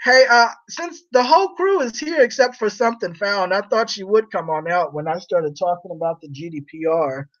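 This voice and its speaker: A man's voice: high-pitched, moderate pace, hardly any pauses, fairly bright tone, lo-fi sound. A man chatting casually on a livestream in a rambling, teasing way, laughing often.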